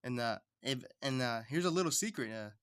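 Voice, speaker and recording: A man chats casually on a livestream while he draws. He rambles and talks to himself. His voice sits at an ordinary middle pitch. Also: animated, a little fast, a bit bright, clean tone, no echo. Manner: rambling, chatty self-talk. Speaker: streamer.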